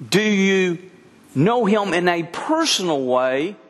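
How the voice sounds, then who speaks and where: A middle-aged man preaches with a husky, fairly high voice that swings widely up and down. He talks earnestly and repeats words to drive his points home. A long reverb from the church hall trails each phrase. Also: sing-song, slow. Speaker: pastor. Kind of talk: sermon. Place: church service.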